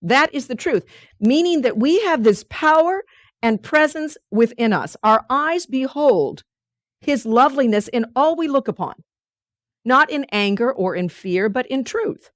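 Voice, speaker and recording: A woman teaching a weekly spiritual study group, reading passages slowly and explaining them earnestly, with frequent restarts. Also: high-pitched, lively intonation, no room sound.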